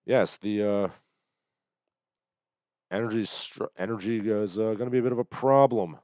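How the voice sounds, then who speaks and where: A man hosting a livestream, commenting on the news in a sardonic, halting way with lots of fillers, still getting over an illness. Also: on the low side, a little mellow, no room sound. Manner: sardonic, hesitant with many fillers. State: recovering from illness, coughing. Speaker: livestream host.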